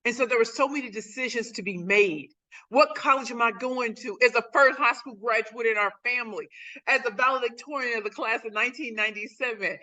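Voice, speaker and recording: A woman's voice: high voice, sharp tone. A woman in her forties, from St. Louis, telling her life story as a guest speaker on a video call, emphatic and repeating phrases for effect. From St. Louis, USA. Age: 40s. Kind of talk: motivational personal story.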